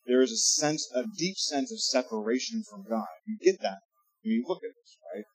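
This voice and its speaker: Husky-voiced man preaching a sermon. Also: mid-range voice, big pitch swings, moderate pace, low-quality recording. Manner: conversational preaching, rising to emphatic reading. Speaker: pastor.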